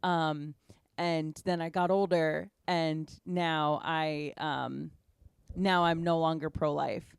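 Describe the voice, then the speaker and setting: A woman podcast host telling a story in a chatty, animated way. Her voice sits a bit low and sounds smooth. It is recorded close and dry. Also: slow pace, no echo. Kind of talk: casual podcast conversation.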